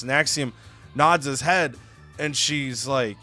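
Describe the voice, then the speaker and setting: A man tells the story of a game session in a loose, animated way, sprinkling in "you know" and "like." His voice sits at an ordinary middle pitch, with faint music behind him. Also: slow. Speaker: let's-play co-host. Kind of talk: casual game recap storytelling.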